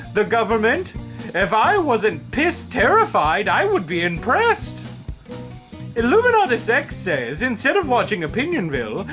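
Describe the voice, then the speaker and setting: A man's voice: high voice, a bit bright, full character voice. A man playing a chipper host who reads out viewer suggestions in a jaunty, mock-earnest way. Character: chipper man hosting a comedy outro segment. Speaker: outro segment host. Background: music.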